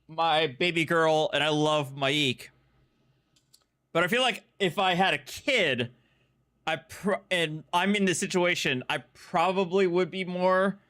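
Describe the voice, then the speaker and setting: A man's voice: a little high, sharp tone. A man giving blunt, sarcastic, casual commentary on police footage.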